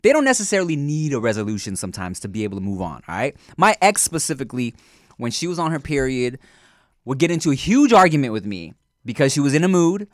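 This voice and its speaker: A man's voice: mid-range voice, very animated, fast talker, no echo, clean studio sound. A man co-hosting a casual podcast chat, talking in a loose, slangy, teasing way. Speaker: podcast co-host.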